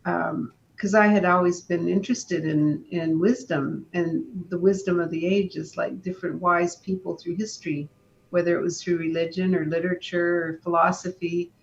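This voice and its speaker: A woman, a guest in an interview, telling a personal story in a calm, unhurried way, often stopping to restart her sentences. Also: gravelly. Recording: dull lo-fi sound with faint rumble.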